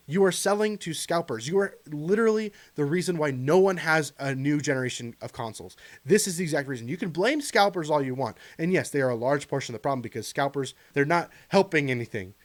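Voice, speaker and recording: A man's voice: fairly high pitch, animated, a little fast. A man, a gaming commentator ranting to camera in a frustrated, earnest and pleading way. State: choked up near the end. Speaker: gaming YouTuber.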